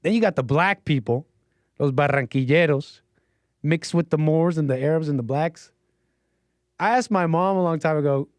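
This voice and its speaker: Speaking at a moderate pace in a fairly high, somewhat mellow voice, a man who seems a little sick runs a call-in livestream. He chuckles, rambles, and interrupts himself, recorded up close without echo.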